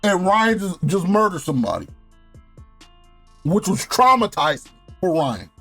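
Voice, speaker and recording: A young man with a high, bright speaking voice, rattling off a casual, profane TV recap. He laughs often and gets worked up as he talks. The sound is dry and close, with faint music underneath. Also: very animated, a little slow, husky, no echo. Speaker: TV show reviewer. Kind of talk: casual review rant.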